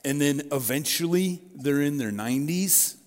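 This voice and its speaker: A middle-aged male pastor delivers a sermon in a conversational, storytelling way, dropping in personal asides. His voice is a little high and animated at normal speed, carried by the long reverb of a large hall.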